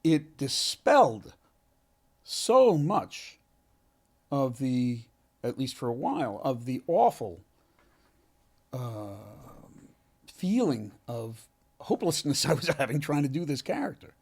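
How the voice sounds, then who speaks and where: A man, an actor being interviewed, telling a heartfelt story in an earnest, halting way with many restarts. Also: mid-range voice, very animated, husky. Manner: halting, frequent restarts and self-corrections. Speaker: actor, podcast guest.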